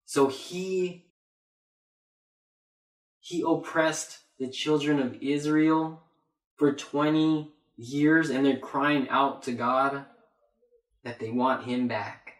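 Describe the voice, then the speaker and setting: A man's voice: mid-range voice, steady tone, slow, pauses often. A man preaching a Bible sermon, emphatic and repeating his phrases for weight. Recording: roomy echo.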